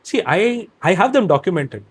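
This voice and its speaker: A man's voice: high-pitched, very animated, moderate pace, husky. A man with a neutral Indian English accent, speaking in a candid podcast conversation in an expansive, emphatic way, listing example after example. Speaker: guest, operations director and career trainer.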